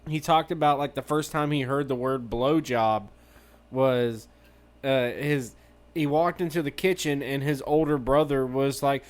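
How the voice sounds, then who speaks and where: A man's voice: fairly even intonation, measured pace. A young man chatting casually as a podcast co-host, rambling and swearing, laughing often. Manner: rambling, profane, laughs a lot, jumps into high put-on voices. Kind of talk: casual chat.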